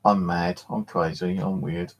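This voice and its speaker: A man hosting a live stream from his flat, chatting casually in a rambling, jokey way and swearing freely. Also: low-pitched, a little slow. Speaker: live streamer and paranormal channel host.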